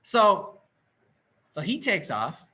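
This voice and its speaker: A man tells a story on a casual podcast with a husky, slightly breathy edge to his fairly high voice. He is animated and acts out both sides of the conversations with quick asides.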